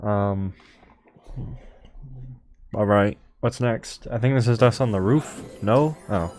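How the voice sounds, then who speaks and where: A man's voice: fairly low pitch, takes it slowly, darkish tone. A young man hosting a streamer podcast, chatting casually and rambling with lots of fillers and restarts. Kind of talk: casual chat.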